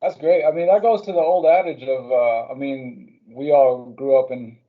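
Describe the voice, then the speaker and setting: A man's voice: mid-range voice, moderate pace. A man hosting a podcast, chatting in casual banter and throwing in jokes. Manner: relaxed joking banter. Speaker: podcast host. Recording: dull lo-fi podcast recording.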